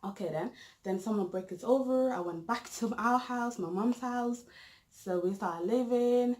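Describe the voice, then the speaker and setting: A woman's voice: fairly high pitch, measured pace, a little mellow, rough recording. A young woman, casually telling a storytime vlog with lots of fillers and restarts. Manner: rambling, full of fillers and restarts. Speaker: vlogger.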